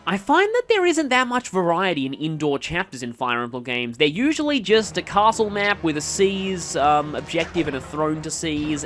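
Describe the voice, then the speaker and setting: Rambling Australian man narrating gameplay. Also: a little high. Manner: rambling, tangent-prone, self-correcting. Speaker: let's play commentator. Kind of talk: casual gameplay commentary.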